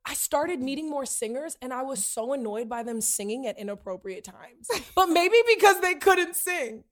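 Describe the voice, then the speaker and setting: A woman hosting a casual podcast chat, animated and laughing often, slipping into playful character voices. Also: sits high, moderate pace. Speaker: podcast host.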